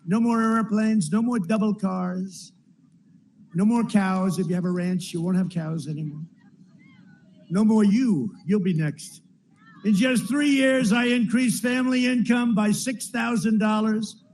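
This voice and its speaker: A man's voice: sits high, a little slow, a little mellow, slight background noise, rough recording. A man giving a campaign rally speech, rambling and repetitive, with frequent asides to the crowd. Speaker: politician addressing a rally. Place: large rally venue.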